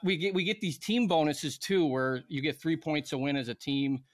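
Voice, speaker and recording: A man's voice: fairly high pitch, moderate pace. A man in his thirties, a former pro hockey player, casually telling a rambling story on a podcast with lots of fillers and laughter.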